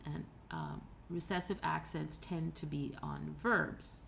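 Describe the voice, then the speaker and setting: A woman's voice: low voice, steady tone, takes it slowly, vocal fry, fairly bright tone, a little hiss or hum. A woman giving a recorded tutorial lecture, explaining patiently step by step with occasional fillers and self-corrections. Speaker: teacher.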